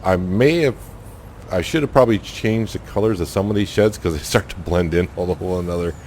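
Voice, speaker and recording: A man's voice: deep voice, brisk, darkish tone, slight background noise. A man casually commenting while playing a farming game, thinking aloud and rambling with lots of fillers. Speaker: gaming channel host. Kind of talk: casual let's-play commentary.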